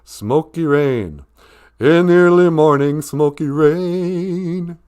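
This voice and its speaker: A woman's voice: low voice, slow, mellow, smooth. A woman talking with her partner during a live stream, asking incredulous questions from away from the microphone.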